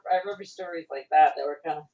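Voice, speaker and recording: Woman, middle-aged, fast-talking, former child actor, distant echoey dull video-call sound. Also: low voice, warm tone, slight background noise. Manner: fast-talking, laughs often. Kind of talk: casual remote interview.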